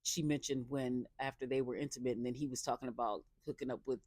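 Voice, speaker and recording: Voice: medium pitch, steady tone, fast talker, a little mellow, dry recording. A chatty reality show reviewer recaps an episode in a loose, rambling way, full of fillers and restarts. The voice sits in a middle register, recorded dry and close with no room sound. Sarcastic asides cut into the summary.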